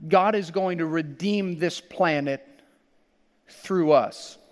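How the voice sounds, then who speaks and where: A man preaching a sermon as pastor, animated, laughing often and acting out quoted lines. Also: a little high, slow pace, long reverb tail.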